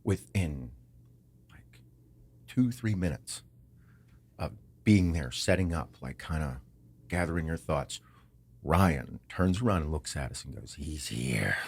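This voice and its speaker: A man hosting a podcast, telling a story in a casual, animated way, swearing often and acting out what others said. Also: low-pitched, takes it slowly, pauses often, breathy edge. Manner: animated, swears a lot, acts out quotes. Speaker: podcast host.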